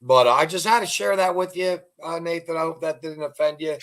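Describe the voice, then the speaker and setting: A man's voice: on the high side, fairly quick, creaky, fairly bright tone. An older man with a slightly raised voice hosts a casual interview. He rambles through jokes and stories, putting on voices for the people in them. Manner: rambling storyteller, acts out joke dialogue. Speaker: podcast host.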